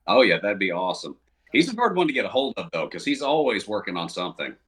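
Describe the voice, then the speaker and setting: Deep bright-toned man, dry humor. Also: very animated, fast. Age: adult, married. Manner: dry, self-deprecating humor. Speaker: guest paramedic. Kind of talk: casual podcast chat.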